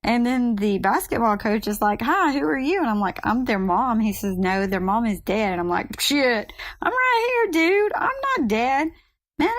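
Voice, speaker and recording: A woman's voice: medium pitch, no echo. Chatty woman telling a story. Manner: chatty, acts out quoted voices. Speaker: vlogger, mother. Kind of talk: casual storytelling to camera.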